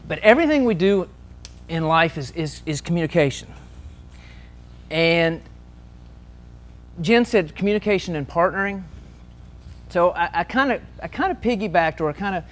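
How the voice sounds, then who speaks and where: A man telling lively officiating stories to an audience at a meeting, acting out the shouted lines. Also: fairly high pitch. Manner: animated anecdotes, shouting out quoted lines. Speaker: sports official and speaker. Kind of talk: storytelling talk to an audience.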